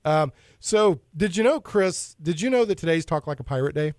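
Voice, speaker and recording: A male radio host with a somewhat high voice, talking close into a dry studio mic. He keeps things casual, cracking puns and laughing easily between news items. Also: expressive, a little mellow, no echo. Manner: jokey, punning, quick to laugh.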